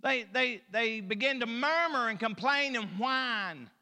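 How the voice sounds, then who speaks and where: A man's voice: very high voice, expressive, unhurried, clean tone. Folksy preacher man in a reverberant hall. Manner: folksy, joking, swings between loud and soft. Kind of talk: sermon.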